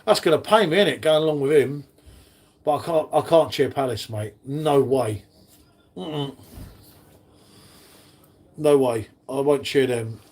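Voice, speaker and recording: A man's voice: medium pitch, a little slow, long pauses, a little mellow. A man hosting a casual live stream, chatting with viewers in the chat by name. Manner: chatty, matey, talks to chat readers by name.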